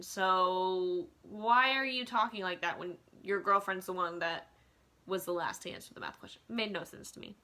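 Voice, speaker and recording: A woman's voice: mid-range voice, pushed and bright. A woman ranting casually in a vlog, chatty and opinionated, filling her talk with "like" and "um," recorded on a phone. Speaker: vlogger. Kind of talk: casual rant.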